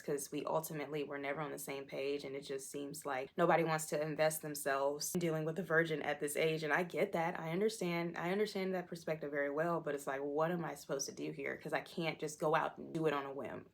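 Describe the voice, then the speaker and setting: Low, gravelly-voiced young woman vlogging candidly. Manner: candid, self-deprecating, candid storytelling. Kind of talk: personal storytelling vlog.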